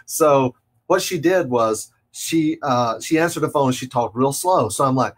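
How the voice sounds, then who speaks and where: A man's voice: mid-range voice, unhurried. A man hosting a real estate talk show, chatting casually and laughing easily as he explains selling tips. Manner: relaxed, laughs easily, acts out phone calls. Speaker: podcast host. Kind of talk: casual business chat.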